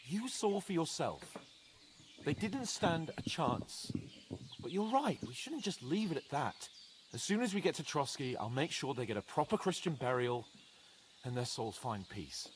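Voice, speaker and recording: An actor playing a brash, lively young nobleman in a game, animated and shifting between solemn and scoffing. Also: a little high, unhurried, noisy background. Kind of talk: game voice acting.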